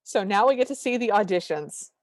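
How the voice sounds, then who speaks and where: A woman's voice: medium pitch, expressive, a little fast, no echo, clean studio sound. A woman co-hosting a podcast, casually narrating a film plot in an easygoing way. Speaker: podcast co-host. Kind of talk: casual chat recapping a film.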